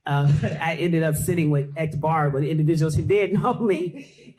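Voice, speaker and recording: A woman on a discussion panel, earnestly sharing a personal story and reflecting on it. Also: low-pitched. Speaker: panel guest.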